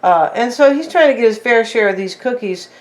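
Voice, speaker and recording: A woman's voice: a little high, lively intonation, fairly quick, low-quality recording. A woman giving a casual tarot reading in a rambling, chatty way with many fillers and asides. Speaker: tarot reader.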